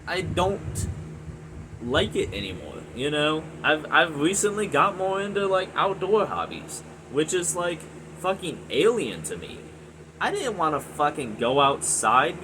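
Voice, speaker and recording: A man's voice: a little high, big pitch swings, a little slow. Profane, ranting young man with hum. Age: 20s. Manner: profane, frustrated, rambling with many fillers. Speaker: gaming video reviewer. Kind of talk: angry ranting monologue.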